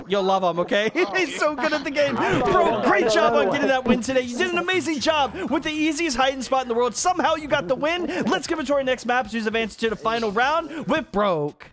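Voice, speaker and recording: A young man giving lively gameplay commentary, talking to the players and often breaking into laughter. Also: extremely high pitch, a little fast, a loud crowd. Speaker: gaming YouTuber.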